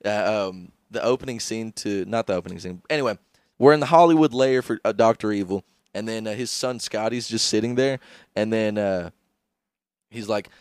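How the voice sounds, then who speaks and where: A man's voice: fairly low pitch, moderate pace, clear, resonant tone, dry recording, clean studio sound. A young man co-hosting a comedy podcast, giggling, rambling and losing his place as he retells scenes. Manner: giggly, rambling, loses his train of thought mid-story. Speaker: podcast co-host. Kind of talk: casual comedy podcast chat.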